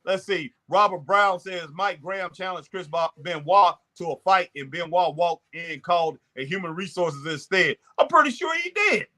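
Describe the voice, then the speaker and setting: Male host, casual chat, bright edgy tone, slightly high pitch, loose and repetitive. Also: steady tone, normal speed, hardly any pauses. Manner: chatty, repeats himself, drops into mimicking voices. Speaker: show host.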